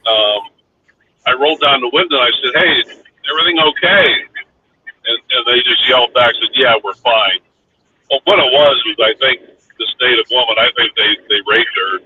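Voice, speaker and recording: A man's voice: mid-range voice, pushed and bright. Distant tinny-sounding man telling stories. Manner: rambling, anecdotal, many fillers. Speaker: livestream host. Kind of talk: casual storytelling chat. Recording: distant tinny phone-like line with faint hiss.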